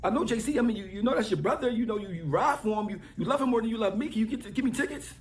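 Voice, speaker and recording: A man's voice: high voice, expressive, very fast, roomy sound, soft background music. A man putting on the voice of a nagging wife who pleads for concert tickets. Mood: pleading. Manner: pleading, wheedling.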